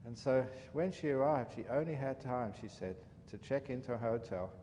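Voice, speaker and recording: A man, a monk, giving a dharma talk as an animated, chatty storyteller. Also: medium pitch, normal speed, highs cut off. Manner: animated, chatty storyteller with frequent "you know". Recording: reverberant hall, faint background noise.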